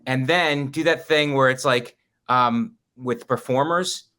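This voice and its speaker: A man's voice: mid-range voice, unhurried, sharp tone. A man co-hosting a comedy podcast, riffing with wry jokes and puns. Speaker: podcast co-host. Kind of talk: casual chat.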